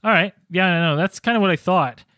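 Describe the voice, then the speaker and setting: A man's voice: high voice, fast talker, sharp tone, dry recording. Man, co-host, playful, joking, dry recording. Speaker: podcast co-host. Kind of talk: casual chat.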